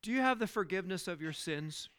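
A man's voice: high voice, animated, quick pace, fairly bright tone, smooth. A man preaching a sermon in church, earnest and full of rhetorical questions, often repeating words as he builds a point. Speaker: pastor.

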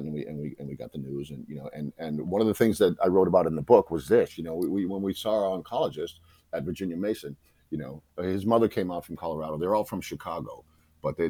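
A man's voice: extremely low pitch, mellow, slightly rough, dry recording. A middle-aged man from South Boston with a Boston accent, telling his own story candidly, emotional and profane with many restarts. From South Boston, USA. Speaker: memoir author, guest.

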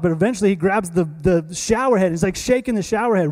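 A male pastor preaching a sermon in a conversational, animated way, acting out little scenes. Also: high-pitched, quick pace, hardly any pauses.

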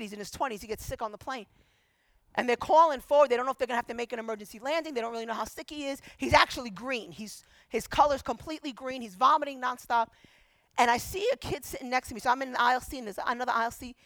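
Woman pastor, storytelling sermon, high pitch, emphatic and animated. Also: no room sound. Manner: animated, acts out quotes, emphatic repetition.

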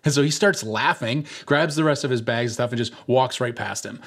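A young man preaching a sermon, telling a personal story in a relaxed, conversational way with many filler words. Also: mid-range voice, fairly quick. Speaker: pastor.

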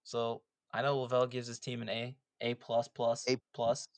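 A man's voice: medium pitch, completely flat delivery, normal speed, no room sound. A young man co-hosting a casual sports podcast, recapping draft picks with light teasing. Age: young adult. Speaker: podcast co-host.

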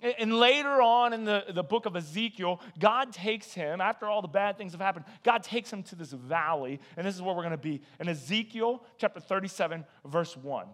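A man preaching a casual, conversational sermon, animated and joking as he tells the story. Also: high voice, fairly quick, few pauses. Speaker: pastor.

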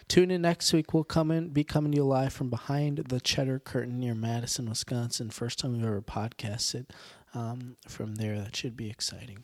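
A man hosting a podcast, signing off in a rambling, jokey way with a hoarse, strained voice and many fillers. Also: medium pitch, a little mellow, no room sound. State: hoarse, sore throat with coughing. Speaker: podcast host. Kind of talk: casual podcast sign-off.

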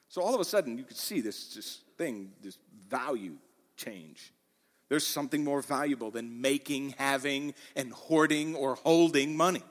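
A man preaching a sermon in a church, animated, acting out the quoted lines with rising intensity. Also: mid-range voice, moderate pace, long reverb tail. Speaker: pastor.

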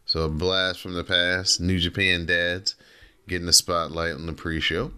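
A man's voice: low voice, flat delivery, normal speed, pushed and bright, clear, resonant tone. A man hosting a casual wrestling podcast, reading results and joking with his co-hosts in a laid-back way. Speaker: podcast host.

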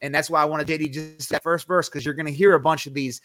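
Male podcast host, slightly higher voice, dead-dry close mic, loose conversational Bible teacher. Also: steady tone, fast, fairly bright tone, no room sound. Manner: conversational, self-correcting, emphatic on scripture quotes. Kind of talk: casual Bible study teaching.

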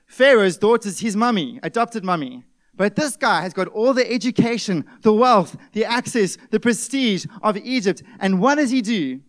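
A man preaching a sermon, stressing key words loudly and then dropping to a hush. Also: high-pitched, expressive, normal speed. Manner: emphatic preaching, swings between loud stresses and hushed drops. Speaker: pastor.

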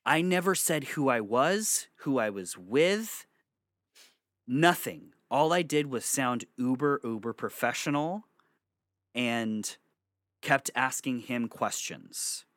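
A young man in his bedroom telling a story for his vlog, animated and swearing freely. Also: mid-range voice, takes it slowly, no echo, studio quality. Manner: animated, swearing, breaks into laughter. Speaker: vlogger.

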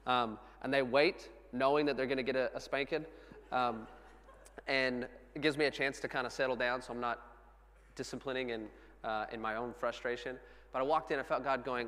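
A man's voice: medium pitch, brisk, fairly bright tone. Earnest man preaching in a reverberant hall. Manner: earnest storytelling, laughing at himself. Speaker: pastor. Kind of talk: sermon.

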